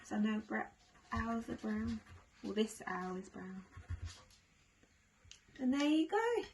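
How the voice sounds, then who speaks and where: A woman teaching young children, drawing and retelling a story in a gentle sing-song way with many tag questions. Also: on the high side, lively intonation, takes it slowly, slight background noise, poor audio. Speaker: nursery teacher.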